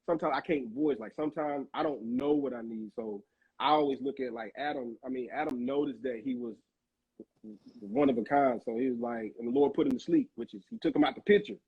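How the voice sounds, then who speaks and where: A man's voice: medium pitch, fairly quick, husky, phone-quality sound. A man hosting a casual discussion, talking in a rambling, searching way and often repeating himself. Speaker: host. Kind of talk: casual faith-minded discussion.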